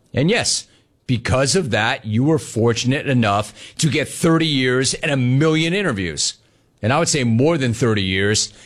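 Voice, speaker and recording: Playful man hosting a sports talk show. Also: fairly bright tone. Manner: riffing, playful, jumps in pitch for emphasis. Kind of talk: casual sports talk, reading listener messages.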